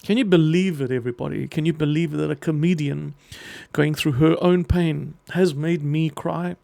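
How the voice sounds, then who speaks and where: A middle-aged man with a slightly high, gravelly voice records an emotional personal message, speaking earnestly with halting pauses. The sound is dry and close, with no room echo. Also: steady tone, warm tone. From half Greek. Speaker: vlogger and children's book writer.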